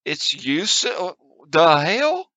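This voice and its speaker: A man's voice: a little high, big pitch swings, drawn-out words, pushed and bright. A man playing a tabletop horror game, chatty and laughing often, trailing off mid-sentence. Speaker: player. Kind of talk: tabletop game play over voice chat.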